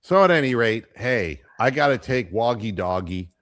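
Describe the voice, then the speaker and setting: A man hosting a casual postgame radio show, telling off-color jokes in a rambling, halting way full of fillers. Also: mid-range voice, lively intonation, a bit bright, no room sound.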